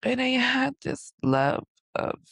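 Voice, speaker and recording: A woman podcast host slowly telling a personal, emotional story in a confessional way. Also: high voice, big pitch swings, vocal fry, a bit bright, slightly rough, no echo.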